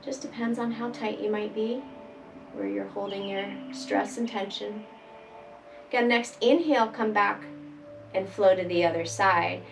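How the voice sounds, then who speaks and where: A woman leading a chair yoga class, giving calm, gentle step-by-step cues for breathing and stretching. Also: mid-range voice, measured pace, creaky. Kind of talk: guided exercise instruction. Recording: voice from a distance, faint background music.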